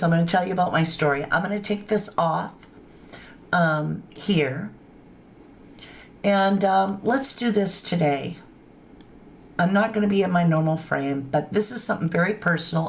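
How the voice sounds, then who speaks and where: A woman's voice: lowish voice, normal speed, slight background noise. A woman hosting a true crime livestream, chatting informally and talking straight to her viewers. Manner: informal grammar. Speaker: true crime channel host. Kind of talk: casual livestream commentary.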